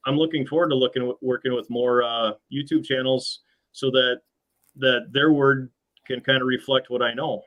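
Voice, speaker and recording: A man's voice: mid-range voice, fairly even intonation, normal speed, fairly bright tone, rough recording. A middle-aged American man, a machine shop owner, talking earnestly and hesitantly as an interview guest. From USA. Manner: earnest, hesitant with frequent restarts. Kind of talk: casual interview chat.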